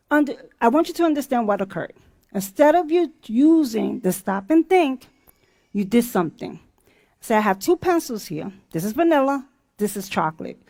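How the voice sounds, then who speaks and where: A woman with a fairly high voice leads a character education class. She tells a story with animation and acts out the dialogue, and the sound is dry and close. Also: darkish tone, dry recording.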